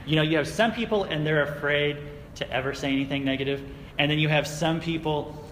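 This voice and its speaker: A man preaching a sermon to a youth group in a casual, conversational way, with fillers and quick laughs. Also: fairly high pitch, fairly bright tone, big-room sound, a little hiss or hum, rough recording. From United States. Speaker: youth pastor. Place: church sanctuary.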